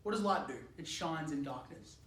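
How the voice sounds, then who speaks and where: A man's voice: fairly high pitch, normal speed, roomy sound. A young man from Australia giving a casual youth sermon, telling a story with lots of "like" and frequent laughs. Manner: animated, chatty, laughs often, lots of "like". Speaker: youth speaker.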